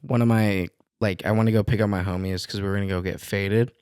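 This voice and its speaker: A man's voice: lowish voice, fairly even intonation, fairly quick, a little mellow, smooth, no echo, studio quality. A young man co-hosting a podcast, telling a story in a laid-back, slangy way with plenty of swearing. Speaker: podcast co-host. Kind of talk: casual storytelling chat.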